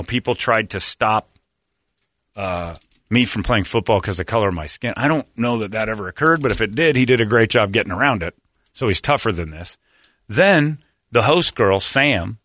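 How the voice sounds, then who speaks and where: A man's voice: lowish voice, sharp tone, no room sound, studio quality. A middle-aged man hosting a radio show, talking in a blunt, sarcastic, rambling way. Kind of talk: casual talk radio banter.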